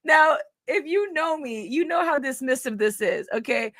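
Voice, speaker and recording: A woman's voice: high-pitched, expressive, moderate pace, fairly bright tone, no room sound, clean studio sound. A woman vlogger telling a story in casual talk, reading old messages aloud in a blunt, profane, scornful way.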